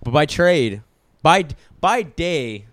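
A young man co-hosting a podcast, animated and joking, often laughing. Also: fairly high pitch, takes it slowly, dry recording. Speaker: podcast co-host. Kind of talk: casual chat.

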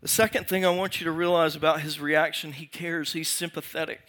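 A male pastor preaching with a bright, forceful tone sitting a little above the usual male pitch. He asks the congregation rhetorical questions. He moves between raised emphasis and quiet, drawn-out phrases. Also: fairly even intonation. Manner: swings from raised emphasis to hushed, slow delivery. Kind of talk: sermon.

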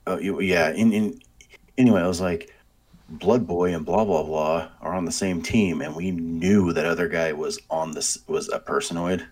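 A man with a very low voice recounts a match in casual conversation. He rambles and corrects himself as he goes. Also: fairly even intonation, moderate pace, darkish tone, breathy edge. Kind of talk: casual gaming chat.

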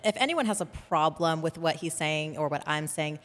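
A woman's voice: deep voice, animated, moderate pace. A woman hosting a podcast in casual conversation, chatty and full of "like" fillers. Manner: chatty, filler-heavy with frequent "like". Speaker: podcast host. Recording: long hall reverb.

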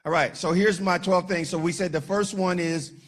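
A man preaching a sermon as pastor, animated and joking with the congregation, shouting at times for emphasis. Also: high voice, normal speed.

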